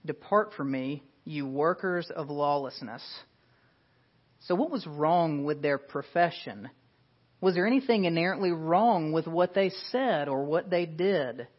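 A man's voice: on the high side, unhurried. Earnest man preaching, lo-fi sound. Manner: earnest, emphatic preaching with rhetorical questions. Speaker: pastor. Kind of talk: sermon. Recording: dull lo-fi sound.

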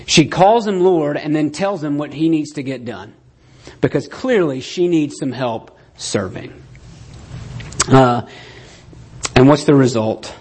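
A man's voice: on the high side, expressive, slow, long pauses, a little mellow, breathy edge. A man preaching a sermon to a congregation. He talks in a conversational way, often asks "right?", and acts out the quoted lines. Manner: conversational, keeps asking "right?".

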